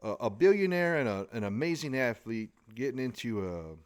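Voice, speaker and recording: A man's voice: mid-range voice, animated, normal speed. Male podcast host, drawl, folksy, joking, casual interview chat. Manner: joking, folksy, lots of restarts.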